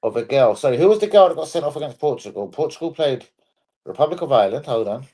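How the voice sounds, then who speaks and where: A man's voice: a little high, expressive, quick pace, warm tone. A man hosting a live football stream, chatting casually, bluntly and with a lot of swearing.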